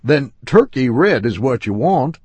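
A man's voice: sing-song, a little slow, breathy edge, no echo. A man reading a story aloud and voicing a male upholsterer who insists on what customers want, in a raised, emphatic voice. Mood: insistent. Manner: high, loud, insistent retorts. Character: calm, stubborn male upholsterer, shopkeeper.

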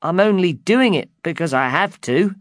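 A man voicing a frightened cart driver who pleads in a high, strained voice in a storybook reading. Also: expressive, moderate pace, no echo, studio quality. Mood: pleading. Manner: pleading, fearful.

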